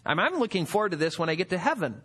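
Racing along with a breathy edge, a male pastor delivers a sermon in a high, expressive voice with wide pitch swings. Between reading verses and asking the congregation rhetorical questions, he acts out quotes from the people he talks about.

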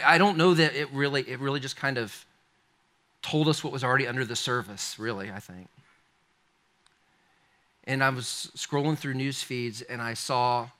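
A man preaching a sermon, telling a story in an animated, conversational way that speaks straight to his listeners. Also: mid-range voice. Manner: animated, conversational, addresses the congregation directly. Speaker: pastor.

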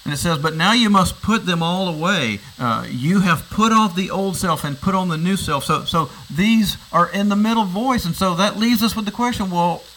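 This man's voice sits high and a bit bright, moving at normal speed with hardly any pauses. As a pastor, he explains a passage in his sermon, poses rhetorical questions, and restarts often by repeating words. A little hiss or hum marks the low-quality recording.

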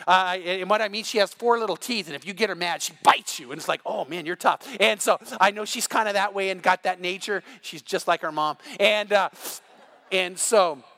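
An older male pastor delivers an evening sermon with a high-pitched voice. His tone is bright and ringing, and he tells lively stories, stumbling and restarting his sentences as he goes. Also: a little fast. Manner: animated storytelling with repeated restarts.

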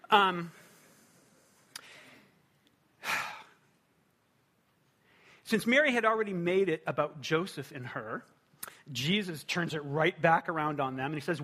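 A man preaching a sermon in a conversational, animated way, often asking rhetorical questions. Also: on the high side. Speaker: pastor.

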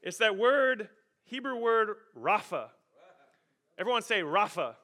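A man pastor preaching a sermon, animated and emphatic, rising and falling in volume. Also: high-pitched, unhurried.

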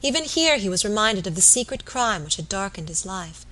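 A woman narrating a classic novel in a measured, even manner. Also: medium pitch. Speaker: audiobook narrator. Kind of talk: novel read aloud.

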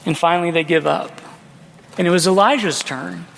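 A man with a high voice preaches a sermon and tells the story dramatically, acting out the lines of its characters. His words ring out with a long reverb, as if in a large church. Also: normal speed, gravelly, a bit bright, a little hiss or hum. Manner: dramatic storytelling, acting out quotes, rhetorical questions. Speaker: pastor.

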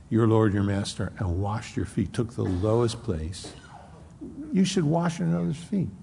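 A man's voice: mid-range voice, gravelly, mellow, breathy edge, in a large hall. A man preaching an expository sermon as pastor, conversational and acting out quoted speech.

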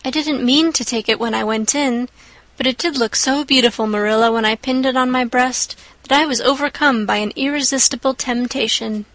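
A woman's voice: a little high, steady tone, brisk, fairly bright tone, dry recording, low-quality recording. Woman voicing a dramatic, imaginative young girl. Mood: confessing. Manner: breathless, pleading then earnest.

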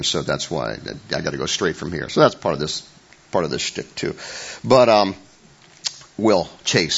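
A man's voice: low voice, a bit bright. An older man preaching a conversational sermon in a church. He rambles through stories with many restarts and self-corrections, with wry, self-mocking humor. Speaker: pastor. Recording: dull lo-fi recording.

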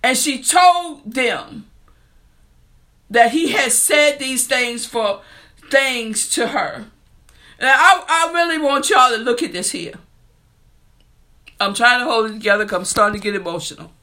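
High, bright-voiced earnest woman preacher. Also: unhurried, pauses often. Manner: earnest, heartfelt delivery. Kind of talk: sermon with scripture reading.

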